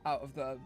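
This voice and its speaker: A woman streaming live, chatting casually and playfully, with a hyped game-show-host delivery and frequent restarts. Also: rumbling low. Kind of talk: casual livestream chat.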